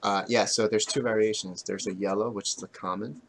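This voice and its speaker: A man's voice: on the low side, steady tone, a little fast, a little hiss or hum. A man explaining card details in an easygoing way on a live stream.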